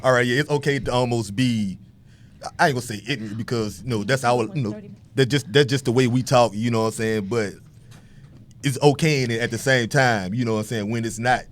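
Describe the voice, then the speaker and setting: A man's voice: medium pitch, fairly quick. A man on a podcast, chatting in a laid-back, slangy way with lots of fillers. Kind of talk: casual opinion chat.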